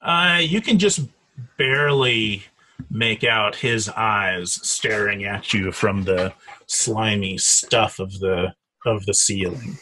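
Mellow-toned man running a tabletop game. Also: on the low side, slow, slight background noise. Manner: hesitant, many fillers and restarts. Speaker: game master.

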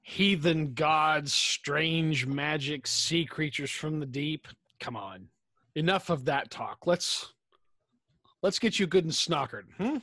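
A man voicing a smooth-talking male adventurer who coaxes a frightened sailor. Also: a little high, slow pace, bright, forceful tone, dry recording, heavily acted. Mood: jovial. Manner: cajoling, wry.

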